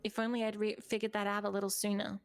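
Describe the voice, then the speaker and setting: A woman streamer reading a horror game's narration aloud in a steady, earnest storytelling way. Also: mid-range voice, fast, clear, resonant tone, dry recording.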